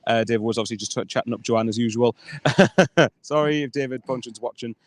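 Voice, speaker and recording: A man's voice: mid-range voice, a little fast, no echo. A man co-hosting a live football fan show, teasing and joking as he reads out viewer comments. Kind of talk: live fan podcast chat.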